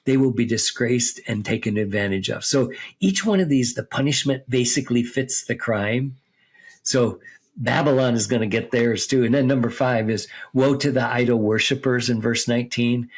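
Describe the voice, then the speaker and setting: Podcast Bible teacher, male, husky mid-range voice, explains passages step by step and checks in often. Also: mid-range voice, normal speed. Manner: explains step by step, reads scripture aloud, checks with "okay?" and "right?".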